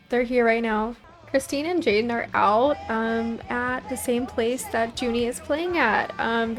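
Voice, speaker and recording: A young woman casually commentating her life-sim let's play, chatty and full of "like" fillers. Her voice sits a little higher than most women's. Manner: chatty, lots of "like" fillers, giggly.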